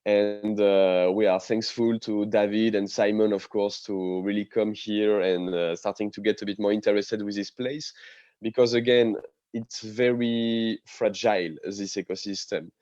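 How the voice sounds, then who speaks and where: A man's voice: lowish voice, steady tone, unhurried, darkish tone, dry recording, dull audio. A man who is a diving instructor talks as a panelist over a video call, hesitant and full of fillers but enthusiastic.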